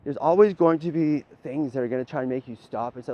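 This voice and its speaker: A man's voice: mid-range voice, fast talker. A man with an ordinary mid-range voice delivers a rambling, preachy monologue as a self-styled spiritual leader. He swears often and keeps tacking "right?" onto his points. The recording sounds dull and lo-fi. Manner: profane, repeats "right?" often.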